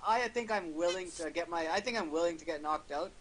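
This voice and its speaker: A man's voice: fairly high pitch, fast talker, fairly bright tone, slight background noise, poor audio. A young man arguing bluntly and defiantly as a guest in a heated casual chat. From Canada.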